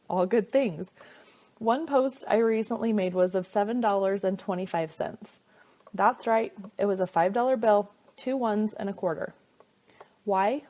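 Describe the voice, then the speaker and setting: A woman in her thirties hosts a training podcast with an enthusiastic, chatty delivery. She keeps asking her listeners rhetorical questions, and her voice sits at an ordinary middle pitch. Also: a little mellow. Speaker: podcast host and jewelry seller.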